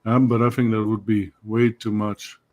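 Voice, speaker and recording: A man on a sports chat panel, hesitant and filling pauses often. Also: on the low side, little pitch movement, darkish tone. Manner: hesitant, many fillers.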